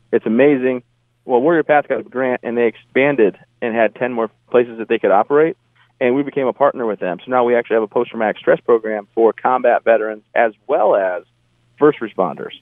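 An army veteran and motivational speaker from the United States talks earnestly and plainly in a casual interview. His voice is mid-range with no echo, coming through a tinny, dry phone line.

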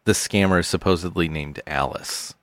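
Deadpan podcast co-host, man, very deep voice, dry booth sound. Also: dry recording. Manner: deadpan storytelling, low-key and unhurried. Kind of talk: casual comedic chat.

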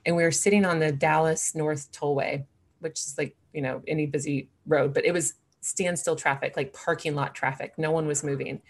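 A woman in her forties with a low voice and a gravelly, creaky edge. She is a guest in a conversation, telling her own story candidly and earnestly. She circles back, restarts sentences and fills pauses as she goes. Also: fairly even intonation. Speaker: interview guest.

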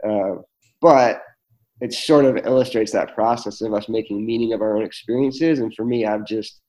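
A man's voice: on the low side, normal speed, a little mellow, poor audio. A man, telling personal stories as a guest in a conversation, earnest and full of fillers and restarts. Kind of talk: reflective storytelling in conversation.

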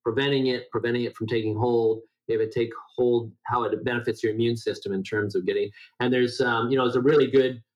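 A man's voice: fairly even intonation, a little fast, few pauses, highs cut off. Rambling middle-aged man, nasal voice. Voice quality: self-described high nasal voice. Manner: rambling, many restarts and fillers. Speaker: guest health educator. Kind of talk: conversational interview.

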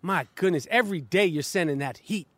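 A man's voice: high voice, fairly quick, dry recording. A man hosting a casual podcast from his backyard, rambling and profane, with lots of stammering restarts. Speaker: podcast host. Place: backyard, outdoors. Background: dog barking.

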